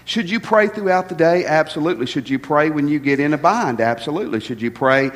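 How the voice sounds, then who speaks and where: A man's voice: on the high side, animated, a little fast, big-room sound. A middle-aged man preaching a sermon as pastor, folksy and joking, often repeating words as he starts a thought. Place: church sanctuary.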